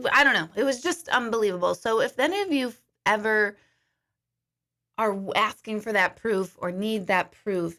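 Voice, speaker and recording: A middle-aged woman, a medium, telling a story in a casual, animated livestream from her kitchen, swearing freely. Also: a little high. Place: home kitchen.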